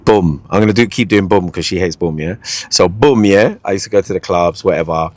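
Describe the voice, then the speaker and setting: Male podcast host, lowish voice, quick playful storyteller, dry close sound. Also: no room sound. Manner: animated, playful storyteller who repeats catchphrases. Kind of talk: casual storytelling chat.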